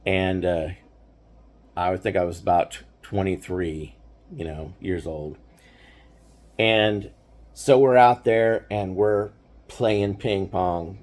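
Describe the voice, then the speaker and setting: A man's voice: sits low, steady tone, takes it slowly, pauses often, darkish tone. An older man telling personal stories in a casual, rambling way, full of fillers and restarts. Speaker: host. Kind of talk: casual storytelling.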